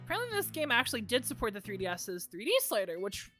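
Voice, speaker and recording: Chatty woman streamer with a bright voice. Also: a little high, big pitch swings, fast, soft background music. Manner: chatty, swearing, joking asides. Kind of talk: casual game commentary.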